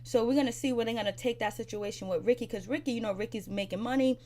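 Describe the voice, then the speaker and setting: A woman's voice: fairly high pitch, quick pace, mellow. Chatty woman recapping a TV episode. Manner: chatty, loose retelling with many fillers, voices characters' lines. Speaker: TV episode reviewer.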